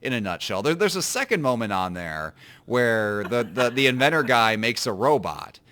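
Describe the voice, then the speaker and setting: A man's voice: mid-range voice, very animated, normal speed, bright, forceful tone. A man co-hosting a podcast in casual chat, rambling and self-deprecating, often restarting his sentences. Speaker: podcast co-host.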